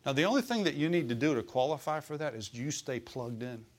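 A man preaches at a middle pitch, easy and conversational. He keeps checking in with his listeners, asking questions as he goes. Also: expressive, quick pace. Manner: acts out voices in quotes. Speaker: pastor. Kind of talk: sermon.

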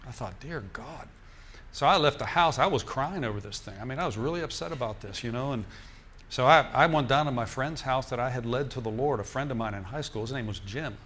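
Older man preaching an animated testimony. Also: medium pitch, brisk, a little hiss or hum. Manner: animated storytelling with chuckles, addressing the congregation. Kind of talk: sermon testimony. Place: church.

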